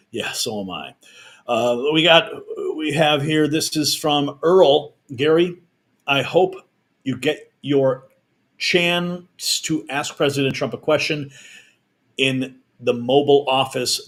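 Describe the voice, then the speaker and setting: A man in the middle pitch range hosts a live news stream, running through donations and viewer messages with energy. He fires off quick, chatty asides between them. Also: fairly bright tone.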